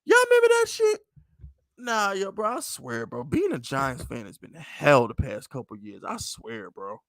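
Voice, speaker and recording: A man hosting a casual livestream sports chat, animated and profane, laughing often. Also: medium pitch, a little slow, no room sound. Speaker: podcast host.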